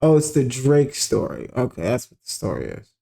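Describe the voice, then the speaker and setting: A man hosting a casual music reaction commentary, rambling with lots of fillers and sudden animated outbursts. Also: medium pitch, normal speed, gravelly. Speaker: commentary show host.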